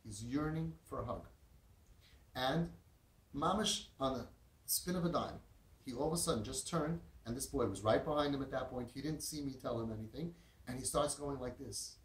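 Speaking at a moderate pace in a mid-range voice, a man who talks about parenting shares an emotional story, stressing and repeating words and using Yiddish and Hebrew expressions. The recording has a roomy echo, faint noise, and a far-off mic.

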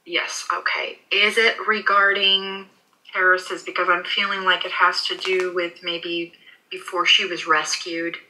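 A woman working as a pet psychic in a session, soothing and reassuring, often halting with fillers. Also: on the low side, flat delivery, bright, forceful tone, low-quality recording. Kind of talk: animal communication session.

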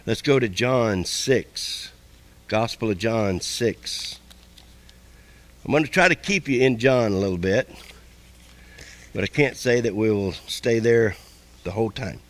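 A man preaching a sermon as pastor, folksy and repetitive, with quick asides to the congregation. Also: mid-range voice.

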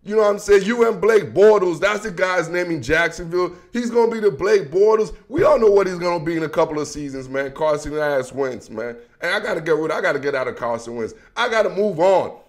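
A man's voice: high-pitched, a little fast, few pauses. A man hosting an emotional, heated sports rant, talking straight to his viewers in loose slang. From Washington DC area. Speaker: sports commentary host.

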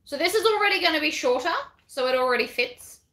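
A woman's voice: sits high, animated, fast talker, bright, forceful tone, reverberant, slight background noise. A woman giving a chatty, self-deprecating craft tutorial while she works.

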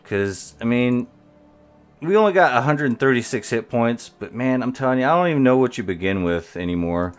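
A man's voice: mid-range voice, expressive, normal speed, clean tone, faint music behind. A man giving rambling live gameplay commentary as a streamer, talking to his viewers while he plays. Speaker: game streamer.

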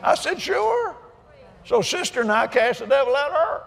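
A man's voice: extremely high pitch, expressive, fast talker, creaky, a bit bright. An older man preaching, telling a story with laughter and folksy asides. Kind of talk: sermon storytelling. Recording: echoey hall reverb.

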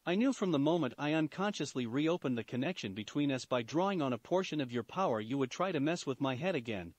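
A man's voice: medium pitch, animated, fast talker, dry recording, lightly acted. A man reading a cocky young hero. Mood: smug. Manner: smug, commanding. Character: cocky young male hero, smug and defiant.

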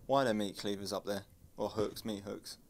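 A young man playing a horror game, muttering and swearing in panic and yelling when frightened. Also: fairly low pitch, fairly even intonation, fairly quick, slight background noise. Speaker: gaming YouTuber.

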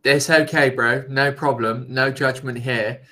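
A man's voice: mid-range voice, steady tone, unhurried, pushed and bright. A man chatting as a conversation tutor over a video call, easygoing and reassuring. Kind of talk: casual chat.

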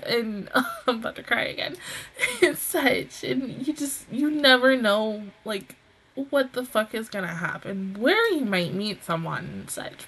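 A woman's voice: a little high, sing-song, a little slow, a bit bright, breathy edge, low-quality recording. A young woman hosting an anime reaction review, talking in a rambling, emotional way and swearing freely.

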